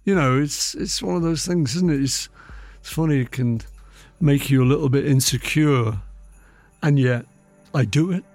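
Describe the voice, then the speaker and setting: A man's voice: a little high, normal speed, a little mellow, dry recording, faint music behind. Older Liverpool man, chatty and dry. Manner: chatty, anecdotal, with playful voices. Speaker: guest author. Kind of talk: relaxed interview chat.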